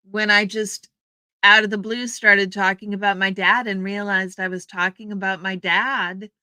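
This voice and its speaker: Woman livestream host, slow and clear, greets viewers by name, dry close sound. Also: medium pitch, pushed and bright, no echo. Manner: chatty and welcoming, addresses viewers by name. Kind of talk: casual chat reading out viewer comments. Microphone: streaming setup microphone.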